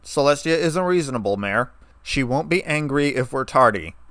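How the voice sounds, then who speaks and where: A man voicing a relaxed, half-mocking young human man in a storybook reading. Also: medium pitch, normal speed, dry recording, lightly acted.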